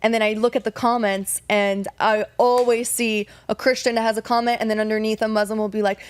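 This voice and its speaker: A woman with a fairly high voice talks quickly and eagerly in a casual chat. The sound is dry and close. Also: flat delivery, smooth, no echo. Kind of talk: casual conversation.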